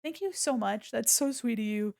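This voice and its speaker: A young adult woman hosting a charity live stream, gushing and excitable, often laughing as she thanks donors. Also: fairly high pitch, normal speed, creaky. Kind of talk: casual live-stream chat.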